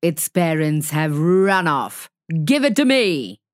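A woman voicing a savage, arrogant male tiger in a read-aloud story, drawn-out and domineering. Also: deep voice, big pitch swings, no room sound, clean studio sound, heavily acted. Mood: menacing.

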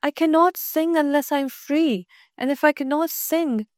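A tiny male songbird in a storybook pleads again and again to be let out of his cage, as a woman puts him on. The voice sits high and the sound is close and dry, with no room around it. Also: measured pace, a little mellow, no room sound. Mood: wistful. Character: small caged male songbird longing for freedom.

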